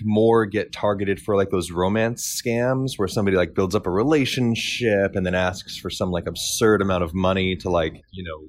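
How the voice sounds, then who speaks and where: A man in his forties speaking casually and wryly, self-deprecating, laughing between phrases. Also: sits low. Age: 40s. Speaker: interviewee. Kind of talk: casual personal story.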